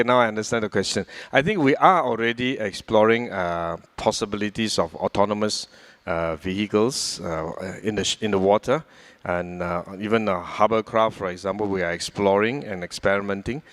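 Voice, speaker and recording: An older Singaporean man answering audience questions at a public fireside chat, speaking in a measured way with many hesitations. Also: on the low side, fairly bright tone. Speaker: government minister answering questions.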